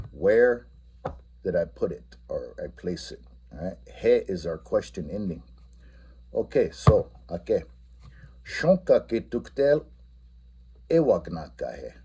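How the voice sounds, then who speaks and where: A man giving a spoken language lesson for teachers, explaining a classroom game and repeating each phrase slowly and patiently. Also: lowish voice, warm tone, breathy edge.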